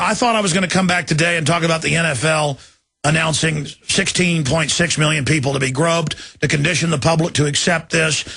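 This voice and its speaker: A male radio host pours out fervent, impassioned commentary that swells toward shouting. His voice is gravelly and husky at a middle pitch. The sound is dry and close to the mic. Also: no room sound. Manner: fervent, building to shouted outrage. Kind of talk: ranting political commentary.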